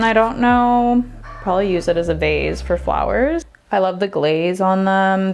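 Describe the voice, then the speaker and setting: A young woman chatting casually and enthusiastically as she shows off her thrift finds, trailing off and restarting now and then. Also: mid-range voice. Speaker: vlogger showing thrift finds. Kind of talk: casual show-and-tell chat. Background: faint background music.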